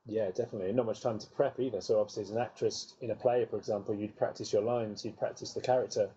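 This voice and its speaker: A man's voice: fairly low pitch, fairly even intonation, quick pace, mellow, husky, muffled recording. A man hosting a podcast, asking the guest short encouraging follow-up questions. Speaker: podcast host. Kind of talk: interviewing a guest.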